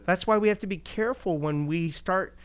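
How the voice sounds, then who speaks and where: Male pastor, casual preaching voice, lively delivery with rhetorical questions and quick laughs. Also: high voice, clean tone. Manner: animated, rhetorical questions, chuckles. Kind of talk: conversational sermon.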